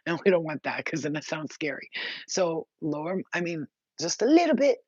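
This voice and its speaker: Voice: medium pitch, very animated, moderate pace, husky, dry recording, lo-fi sound. A tarot card reader giving casual spiritual advice straight to viewers, blunt and sprinkled with swearing. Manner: blunt, profane and emphatic; chatty, addresses viewers directly.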